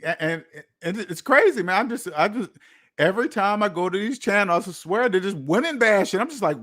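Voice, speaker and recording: A man's voice: high-pitched, expressive, fairly quick, a bit bright. A man hosting a finance channel, ranting casually, incredulous and repeating lines for emphasis. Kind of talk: casual livestream rant.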